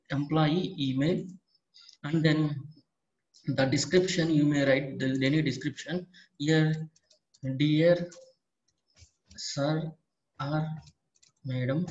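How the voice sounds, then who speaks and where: Man teaching a software tutorial, echoey. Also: a little high. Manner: repetitive, restarting, step-by-step explaining. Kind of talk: screen-recorded software tutorial. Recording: echoey room, dull lo-fi audio.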